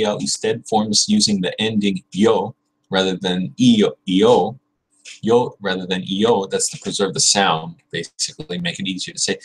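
A man's voice: fairly low pitch, slightly rough. A young man on a casual livestream, repeating verb forms aloud and muttering asides as he studies. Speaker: channel host studying Spanish. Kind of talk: casual livestream study session.

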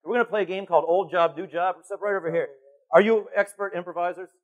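A man giving a conference keynote on stage, animated and playful as he calls volunteers up from the audience. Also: high voice, fast, muffled recording. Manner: animated, calling to the crowd, playful. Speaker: keynote speaker.

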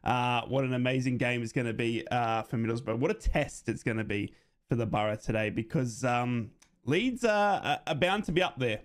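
An Australian man hosting a football watch-along, chatty and excitable as he gives live fan commentary and laughs often. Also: medium pitch, normal speed.

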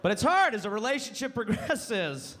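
A man doing a brash, animated stand-up comedy set on a comedy club stage with a handheld mic. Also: very high-pitched, moderate pace. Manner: brash, animated comic delivery. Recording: live club with loud crowd. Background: audience laughter.

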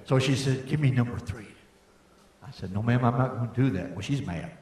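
Older preacher telling stories. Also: male voice, mid-range voice, fairly quick. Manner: folksy storyteller, rising to fervent shouts. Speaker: preacher giving testimony. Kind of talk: testimony sermon. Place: church meeting hall. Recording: echoey hall.

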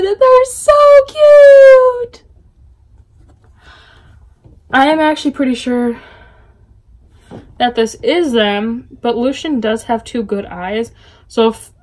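A woman excitedly unboxing a package in her bedroom for a casual book vlog, gushing and chatty. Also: on the high side. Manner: gushing, chatty, full of little gasps and exclamations. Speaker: book vlogger.

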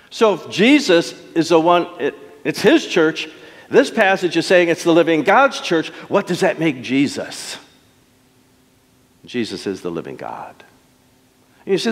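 Animated preacher man in a reverberant church. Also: mid-range voice. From Detroit. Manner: storytelling preacher, dramatic pauses and emphatic swells. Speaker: pastor. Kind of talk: sermon. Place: church sanctuary. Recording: long church hall reverb.

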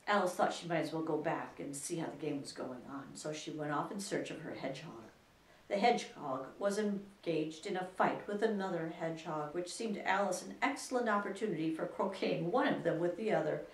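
A woman librarian reads a children's book aloud slowly and deliberately, her voice sitting a little low. She is heard from some distance in a roomy, echoing space, with faint ambience underneath. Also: slight background noise. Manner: slow, deliberate reading. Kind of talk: storybook read-aloud. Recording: echoey room, voice from afar.

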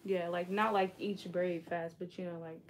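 A woman's voice: lowish voice, level tone, moderate pace. A young woman, a hairstylist sitting in the chair as a client, teasing and chatting casually and reading viewer comments. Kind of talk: casual chat.

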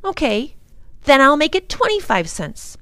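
A cocky boy who teases and goads his sister, voiced by a woman reading a storybook. His lines come out loud and a little raised, with a lively lilt. It sounds close and dry. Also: high voice, a little slow, dry recording, pitched above the performer's own voice, exaggerated voice. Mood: taunting. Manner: loud, taunting. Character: teasing boy, bossy and cocky.

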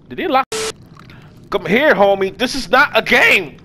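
Excitable male gamer, high and very animated, talks trash to the characters as he plays. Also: unhurried, pauses often, a little hiss or hum. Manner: excitable, swings from hushed muttering to yelling; talks to game characters with slang and swearing. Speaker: gaming video creator. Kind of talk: live let's play commentary.

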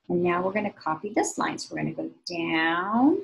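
A woman teaching young children to draw, giving slow, patient, sing-song step-by-step instructions. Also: fairly low pitch, animated, slight background noise, low-quality recording. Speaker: art teacher.

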